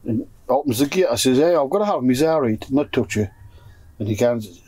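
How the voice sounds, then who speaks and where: A man with a Geordie accent telling a rude, animated story to friends in a pigeon loft, swearing freely and acting out what everyone said. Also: mid-range voice, fairly quick, husky. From North East England. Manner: profane, animated, acts out dialogue. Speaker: pigeon fancier. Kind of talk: casual storytelling among friends. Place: pigeon loft shed, indoors.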